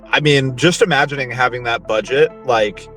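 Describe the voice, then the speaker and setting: A man co-hosting a horror movie review show in casual chat, relaxed and rambling with lots of fillers. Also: medium pitch, normal speed, faint music behind.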